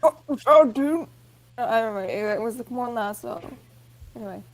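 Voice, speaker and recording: A woman's voice: on the high side, normal speed. A woman chatting casually and giggling during a video game playthrough. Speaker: let's play co-host. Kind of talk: casual gaming chat.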